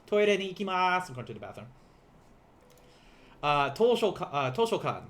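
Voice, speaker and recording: A young man teaching beginner vocabulary in a casual livestream, playful and quick to laugh, repeating each word slowly for learners. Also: sits high, very animated, fairly bright tone. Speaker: language teacher.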